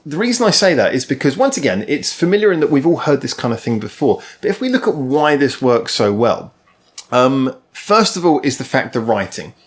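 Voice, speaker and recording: Chatty man rambling through a music review. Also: medium pitch. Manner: rambling and chatty, full of ums and restarts. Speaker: music reviewer hosting his channel. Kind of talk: casual spoken music review to camera.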